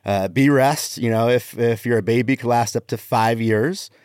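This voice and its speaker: A man's voice: mid-range voice, normal speed, a little mellow, smooth, no echo, studio quality. A man hosting a casual comedy podcast chat, rambling and repeating words as he searches for them.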